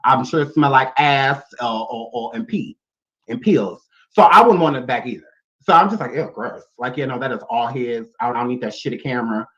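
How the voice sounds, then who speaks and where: A man's voice: mid-range voice, lively intonation, a little fast, fairly bright tone, lo-fi sound. A man giving blunt, sassy and profane reaction commentary. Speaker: YouTube commentator.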